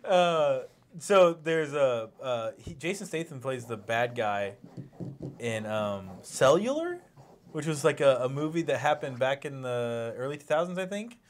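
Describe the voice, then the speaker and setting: A man rambles through a casual pop-culture podcast chat, tripping over his words and circling back to his point. His voice sits at an ordinary middle pitch. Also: sing-song, unhurried. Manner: rambling, restarts often, laughs at his own jokes. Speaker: podcast co-host.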